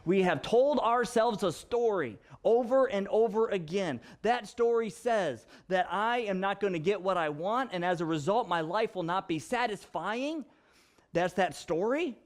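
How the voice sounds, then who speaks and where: High-voiced man preaching a sermon. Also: lively intonation, measured pace. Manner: teaching, explains word meanings, laughs and teases the audience. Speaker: pastor.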